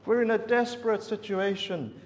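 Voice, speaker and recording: A man's voice: medium pitch, monotone, takes it slowly, a bit bright, dull audio, voice pushed down. A man voicing a desperate ship captain who urgently pleads with a sleeper to wake and pray. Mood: urgent pleading. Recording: long hall reverb.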